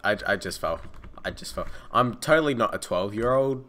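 A man's voice: on the low side, animated, moderate pace, noisy background. A man playfully chatting and laughing while playing a video game at home. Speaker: gamer co-host. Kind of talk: casual gameplay chat.

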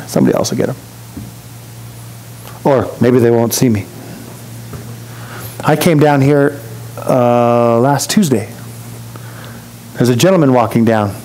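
A man's voice: mid-range voice, a little mellow, a little hiss or hum, poor audio. A man preaching a sermon as pastor, in a conversational storytelling way, acting out the voices of people he quotes. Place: church.

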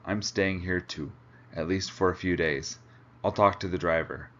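A man reading aloud, voicing a calm, reassuring male mountain guide. The recording sounds dull and lo-fi. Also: sits low, normal speed.

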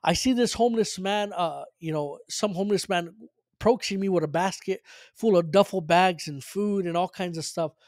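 A man's voice: high voice, moderate pace, a little mellow, no room sound, clean studio sound. A man preaching, earnestly telling a personal faith story with frequent restarts and fillers. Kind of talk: sermon testimony storytelling.

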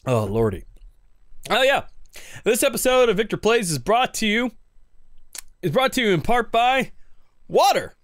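A man's voice: sits high, big pitch swings, measured pace, long pauses, dry recording, clean studio sound. A man hosting a casual game playthrough, reading along and tossing in wry, profane asides. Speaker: let's play host.

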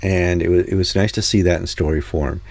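A man's voice: sits low, steady tone, a little fast, vocal fry, a little mellow, dry recording. A man hosting a news talk show, telling stories in a casual, rambling way with many fillers. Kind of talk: casual chat.

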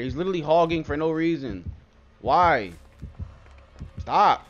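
A young man giving live, excitable commentary on his own gameplay, swearing often and calling everyone bro. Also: a little high, muffled recording, a little hiss or hum. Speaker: gameplay streamer.

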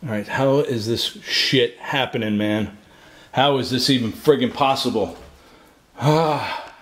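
A jumpy man ghost-hunting alone inside an abandoned house, talking slowly and nervously to his viewers. He swears a lot, and his voice sits at an ordinary pitch for a man. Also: a bit bright. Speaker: paranormal investigator vlogger.

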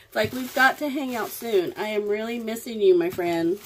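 A woman's voice: medium pitch, a little hiss or hum. A woman vlogger, gushing affectionately as she opens crafting mail at home. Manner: gushing, affectionate, slow and drawn-out. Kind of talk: casual unboxing chat.

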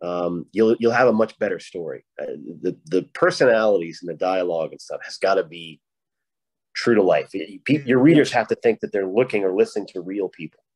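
A man's voice: low voice, a little fast, darkish tone, slightly rough, no echo, low-quality recording. A man from Rhode Island with a Rhode Island accent, a guest author talking casually and rambling with many restarts. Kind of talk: casual panel chat.

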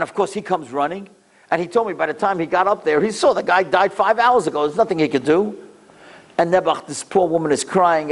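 A middle-aged man giving a storytelling lecture, animated and acting out voices in dramatic bursts. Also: sits high.

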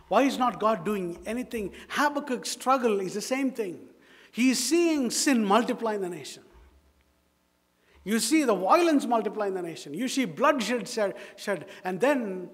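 High-voiced Indian pastor preaching in a church hall. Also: male voice, a bit bright. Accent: Indian English. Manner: emphatic, repeats phrases, asks the congregation rhetorical questions. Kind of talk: sermon. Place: church sanctuary. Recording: long reverb of a church hall.

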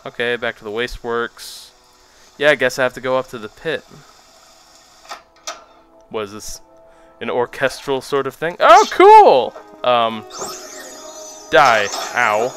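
A man's voice: mid-range voice, unhurried, pauses often, clear, resonant tone, soft background music. A young man giving casual, joking commentary while he plays a video game. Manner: joking, self-mocking, animated. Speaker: let's play host.

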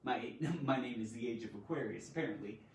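A woman teaching a live online grammar lesson, animated and theatrical, with loud exclamations. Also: rumbling low, a little fast, reverberant, recorded from a distance, poor audio.

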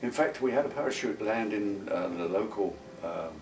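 A man, telling wartime memories in a lively, folksy way with plenty of asides. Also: on the low side, normal speed, slight background noise. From London, England. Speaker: interviewee, wartime veteran. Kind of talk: casual spoken recollection. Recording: roomy, distant mic with faint guitar music.

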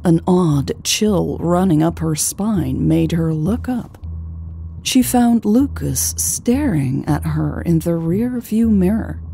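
A woman narrating a romance audiobook in a measured, calm reading. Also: fairly low pitch, creaky, a little hiss or hum. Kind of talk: scripted narration.

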